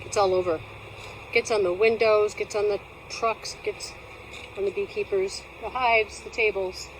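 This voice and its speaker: In a rough outdoor recording with passing vehicles, an Alaskan beekeeper speaks unhurriedly in a steady, medium-pitched voice at her bee yard. Her casual how-to vlog is chatty and playful, with plenty of self-teasing.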